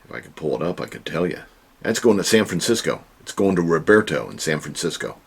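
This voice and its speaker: A man's voice: low voice, very animated, brisk, gravelly, breathy edge. A man hosting a casual home vlog, chatting in a folksy way with joking asides from his storage room. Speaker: online reseller and channel host.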